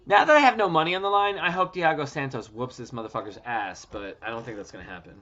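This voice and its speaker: A man's voice: mid-range voice, quick pace, sharp tone. A man in his thirties hosting a casual livestream from home, loose, joking and profane. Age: 30s. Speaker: livestream host. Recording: dull lo-fi stream audio.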